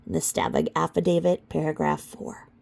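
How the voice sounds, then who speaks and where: Sarcastic gravelly woman reading legal filings. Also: low-pitched, big pitch swings, moderate pace. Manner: sarcastic, mocking asides with sudden loud outbursts. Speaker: commentator reading court documents. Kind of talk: casual commentary reading legal filings aloud.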